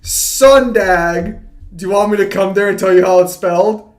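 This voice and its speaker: A man's voice: high voice, level tone, fast talker, darkish tone. A man hosting a casual gaming chat with friends, teasing and laughing often. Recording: echoey room.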